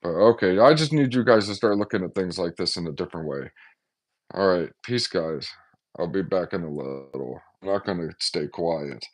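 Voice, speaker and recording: A man's voice: sits low, moderate pace. A man talking casually and agitatedly to his viewers in a one-man vlog, often acting out the voices of others. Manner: agitated, acts out quoted voices, excitable. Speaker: vlogger. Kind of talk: casual monologue to camera.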